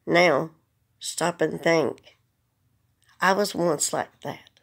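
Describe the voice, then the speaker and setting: A woman's voice: deep voice, extremely slow, vocal fry. A woman speaking earnestly to the camera, holding back tears as she pleads. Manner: earnest, pleading, plain-spoken. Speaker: vlogger. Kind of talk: emotional direct-to-camera message.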